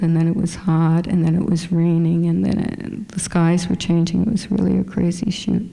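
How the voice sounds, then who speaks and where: A woman's voice: fairly low pitch, gravelly, warm tone. A woman fashion photographer with a small voice, chatting casually with many fillers as she shows her photos in a museum lecture hall.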